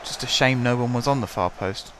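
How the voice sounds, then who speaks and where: In this casual let's-play, a young gaming channel host with a shout-roughened voice wryly chats through his football management session. He speaks briskly at a mid-range pitch, and a faint background hum sits under the desk-mic audio.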